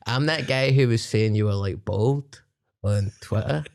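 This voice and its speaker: A man's voice: on the low side, measured pace, gravelly, a little mellow, clear, resonant tone. A man telling rambling stories with frequent laughter in a casual podcast chat. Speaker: comedian guest.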